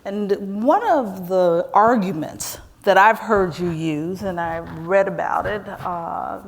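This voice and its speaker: A woman moderating a public onstage conversation, asking long questions in a measured, careful way with many fillers. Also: medium pitch, a little hiss or hum. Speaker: interviewer, moderator. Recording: echoey hall reverb.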